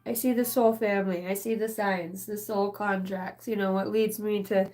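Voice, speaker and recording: A woman's voice: mid-range voice, fairly even intonation, normal speed, hardly any pauses, darkish tone. A woman giving a casual channeled spiritual reading, rambling and emotional, swearing freely.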